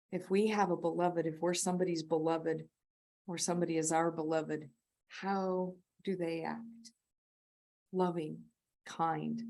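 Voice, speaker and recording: A woman's voice: on the low side, mellow. A middle-aged woman giving a conversational, rambling sermon as a guest speaker, laughing often at herself. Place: church sanctuary.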